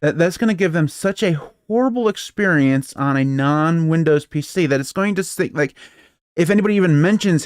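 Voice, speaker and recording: A man's voice: on the high side, a little fast, smooth, no echo, clean studio sound. A man co-hosting a podcast in a casual, rambling way, chuckling often between points. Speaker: podcast co-host. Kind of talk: casual tech chat.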